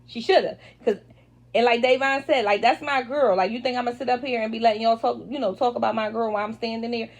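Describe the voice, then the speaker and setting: Woman vlogger, frank reality TV recap, slightly high voice. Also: fast. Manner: animated, opinionated, frank. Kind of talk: casual recap chat.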